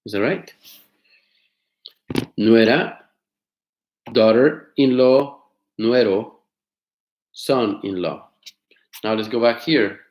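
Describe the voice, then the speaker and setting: A man teaching an online class, explaining words slowly, repeating them and asking his students questions. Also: mid-range voice, echoey room, highs cut off. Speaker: Spanish teacher. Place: home studio.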